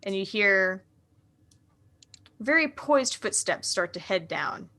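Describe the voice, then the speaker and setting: A woman narrating a live tabletop role-playing game as game master, setting scenes in a measured, descriptive way. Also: medium pitch, expressive, bright, forceful tone.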